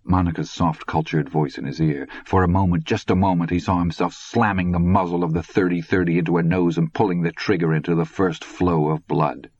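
A man narrating an audiobook in a husky voice. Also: low-pitched, steady tone, brisk, few pauses, a little mellow, dry recording. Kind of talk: scripted narration. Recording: dull, lo-fi recording.

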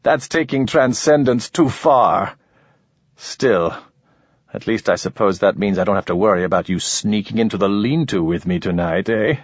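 Narrator doing a blunt, teasing captive man, husky and low. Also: expressive, normal speed, dry recording, dull audio. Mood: wry. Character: captive adult man, wry, crude, joking. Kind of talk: audiobook character voice.

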